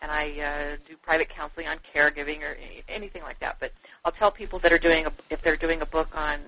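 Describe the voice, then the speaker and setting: A woman author, a guest being interviewed, telling stories in an animated, effusive way, full of "you know" fillers. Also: low voice, fast, no room sound. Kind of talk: chatty interview storytelling. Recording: dull, dry lo-fi radio audio.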